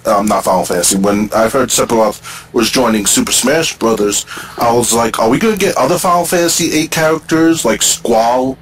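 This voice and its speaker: A man's voice: medium pitch, poor audio. A man hosting a casual gaming podcast, giving opinions in a hesitant, conversational way. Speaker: podcast host. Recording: faint background noise.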